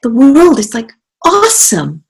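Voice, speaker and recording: A woman voicing an eager young male baby mosquito in a spoken story, excited and pleading. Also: sits high, unhurried, vocal fry, voice pushed up, heavily acted.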